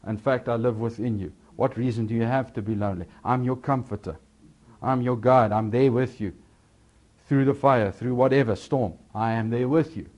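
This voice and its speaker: A man delivers a sermon at a middle pitch. He swings between raised, emphatic lines and low, quieter asides. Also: fairly even intonation, normal speed. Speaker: preacher.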